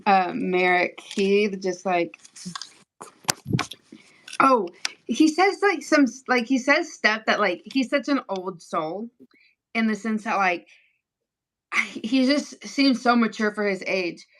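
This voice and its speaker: A woman's voice: mid-range voice, lively intonation, slow pace, long pauses, fairly bright tone. A woman chatting casually while she sews in her garage workroom, rambling with many fillers. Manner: rambling, filler-heavy, forgetful. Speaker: guest sewist. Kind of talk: casual chat while sewing.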